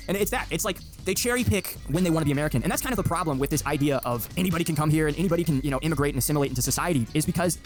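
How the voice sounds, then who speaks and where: Guy going off on a rant, super fast, kinda high voice, keeps circling back. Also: lively intonation, soft background music. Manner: rapid, insistent ranting with frequent restarts. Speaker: political commentator. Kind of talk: monologue commentary clip.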